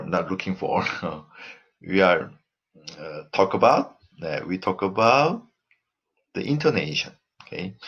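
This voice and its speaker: A low, husky male voice with a Korean accent, explaining grammar in a recorded lesson. His pitch rises and falls a lot as he repeats example sentences and fills pauses with "uh." The audio is dull and lo-fi. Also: fairly bright tone. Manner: explains slowly with frequent fillers, repeats example phrases. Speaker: Korean language teacher.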